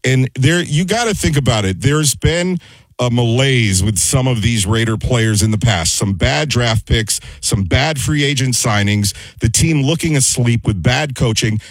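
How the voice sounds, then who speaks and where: A man's voice: medium pitch, unhurried, dry recording, poor audio. A man on a sports talk show giving earnest, upbeat team analysis in casual studio chat.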